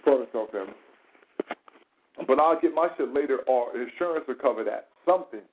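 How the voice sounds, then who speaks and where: A man hosting a casual commentary chat, animated and profane, full of rhetorical questions. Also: mid-range voice, fairly quick, a little hiss or hum. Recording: tinny phone-like sound in an echoey room.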